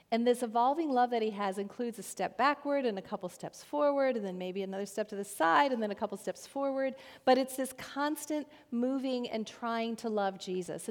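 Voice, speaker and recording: A woman giving a personal, reflective sermon, searching for words as she speaks. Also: a little high. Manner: personal, searching, with small restarts. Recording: reverberant hall.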